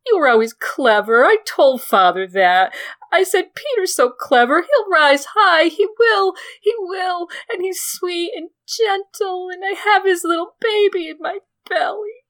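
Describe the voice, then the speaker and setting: A woman's voice: animated, measured pace, fairly bright tone, full character voice. A woman voicing a hysterical, jealous noblewoman who weeps and pleads, in a dramatic book reading. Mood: sobbing. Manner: shrill, sobbing, pleading outbursts.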